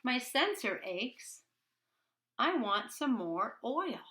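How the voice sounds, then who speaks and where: A woman voicing a small, needy robot in a bedtime storybook, with high pleading complaints. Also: big pitch swings, slow pace, background noise. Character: small sleepless toy robot, whiny and needy.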